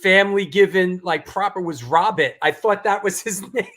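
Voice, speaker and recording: A man's voice: high voice, normal speed, a bit bright, slight background noise. A man hosting an interview, chiming in with short replies and loose, filler-heavy talk. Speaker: podcast host. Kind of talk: casual interview chat.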